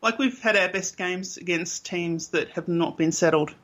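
A man's voice: high-pitched, moderate pace, a bit bright. An Australian man co-hosting a casual fan podcast, blunt and opinionated, with frequent ums. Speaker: podcast co-host.

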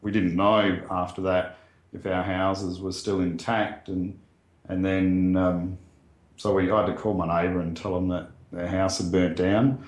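An Australian man speaks in a plain, earnest, conversational way, often pausing with ums and restarting sentences. His voice sits a little low, and the room around him rings with echo. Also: little pitch movement. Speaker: guest sharing a bushfire story. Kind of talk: casual spoken recollection. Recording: roomy echo.

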